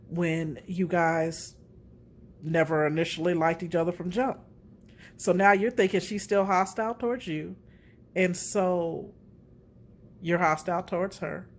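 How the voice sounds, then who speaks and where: A middle-aged woman hosting a casual relationship talk, candid and animated as she tells her own story. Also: lowish voice.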